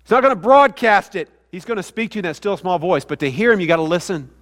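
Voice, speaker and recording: Pastor, male, high voice, conversational sermon delivery that asks the room questions, church reverb. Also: animated, fast, a bit bright. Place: church sanctuary. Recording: hall reverb.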